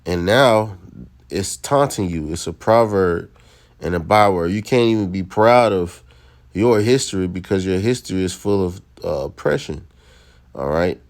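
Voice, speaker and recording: Deep-voiced man teaching scripture. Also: animated, a little slow. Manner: preachy, repeats "all right?". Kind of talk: scripture lesson.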